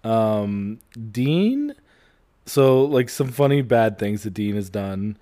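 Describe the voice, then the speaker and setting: A man's voice: fairly low pitch, very animated, slow, warm tone. A man chatting casually about his young kids, laid back and laughing often, with casual swearing.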